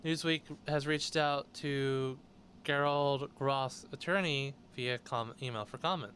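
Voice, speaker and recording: A man's voice: medium pitch, takes it slowly, fairly bright tone, a little hiss or hum. A man hosting a show, reading news articles aloud and breaking in with blunt, sarcastic comments. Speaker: host.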